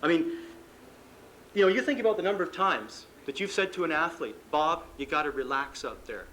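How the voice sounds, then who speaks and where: Male sports psychologist, fairly high voice, conversational seminar talk, acts out dialogue, faint hiss on an old tape. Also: lively intonation, fairly quick, bright, forceful tone, rough recording. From Canada. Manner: conversational, acts out coach and athlete dialogue, self-deprecating humor. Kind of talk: live seminar lecture. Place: conference room before an audience.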